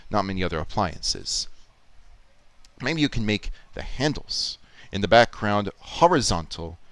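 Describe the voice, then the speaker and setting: A man with a deep, smooth voice chats through his editing work as he goes. He explains ideas like a loose lesson, thinking aloud and restarting sentences. The sound is dry and close, with little room behind it. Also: big pitch swings, a little slow, a bit bright, no echo. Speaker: YouTube Poop editor streaming. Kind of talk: casual live-stream commentary, teaching.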